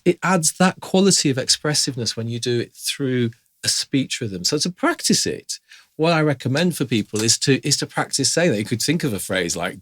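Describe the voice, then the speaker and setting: A man's voice: medium pitch, fairly bright tone, no room sound. A man teaching piano in a chatty, informal way, stopping to sing rhythm syllables aloud as he explains. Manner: chatty, scat-sings rhythms while explaining. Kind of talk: informal music lesson.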